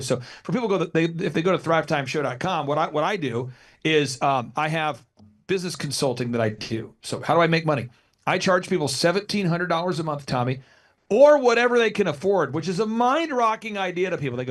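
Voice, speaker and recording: Man, 40s, podcast guest, lively storyteller, somewhat high-pitched. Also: brisk. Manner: energetic storyteller who acts out quotes. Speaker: business consultant, guest. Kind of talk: podcast interview.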